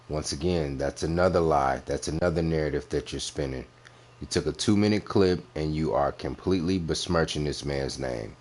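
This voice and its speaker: A man with an extremely deep voice delivers profane reaction commentary on a clip. He is blunt and mocking and hammers each point home by repeating it. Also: a little mellow, slight background noise. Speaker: commentary host reviewing clips.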